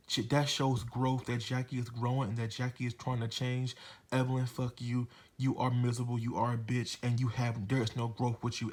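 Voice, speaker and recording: A man's voice: mid-range voice, darkish tone. A man giving a casual recap of a reality TV episode, blunt and profane, with a gossipy, opinionated way of talking. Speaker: reality TV reviewer.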